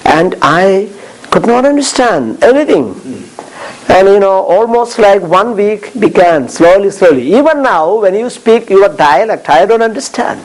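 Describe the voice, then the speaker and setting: A man's voice: sits high, lively intonation, a little slow, rough recording. A man with an Indian accent, a priest chatting casually and telling stories with chuckles and many restarts. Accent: Indian English. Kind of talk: casual chat.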